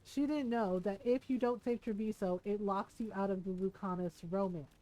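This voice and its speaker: A woman's voice: medium pitch, steady tone, normal speed, dark tone, low-quality recording. A woman streaming a game, chatting casually and animatedly, swearing freely and acting out what her friends said.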